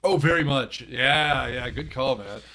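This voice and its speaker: A man's voice: medium pitch, unhurried, bright, forceful tone. A man on a movie podcast panel, animatedly retelling film scenes and giggling as he talks. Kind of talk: casual movie discussion.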